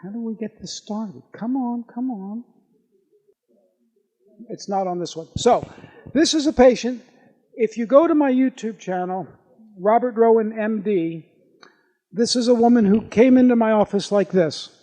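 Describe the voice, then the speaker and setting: A man with a notably high-pitched voice, a doctor speaking live to an audience. He talks in a lively, anecdotal way, building his patient stories with energy and asking the room questions. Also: unhurried, pauses often, big-room sound. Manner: animated anecdotal storytelling. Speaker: doctor giving a talk.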